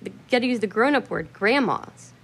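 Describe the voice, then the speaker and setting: A woman's voice: a little high, lively intonation, normal speed, fairly bright tone, husky, full character voice. A woman mimicking a prim first-grade teacher. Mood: correcting. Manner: prim, correcting.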